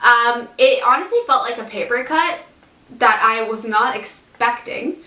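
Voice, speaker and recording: High bright woman telling a candid story. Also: unhurried. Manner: frank and chatty, swears casually, laughs often. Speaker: vlogger. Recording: roomy, from a distance off the mic.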